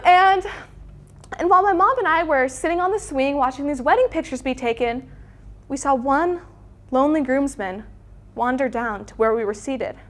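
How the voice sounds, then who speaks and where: A woman's voice: high-pitched, normal speed. A teenage girl performing a stand-up routine, acting out family members in different voices. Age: teens. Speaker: student comedian.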